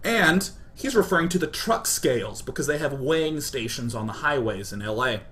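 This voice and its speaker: A young man from Kansas telling a comedic personal story in an animated, self-deprecating way, peppered with "like". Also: mid-range voice, normal speed. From Kansas, United States.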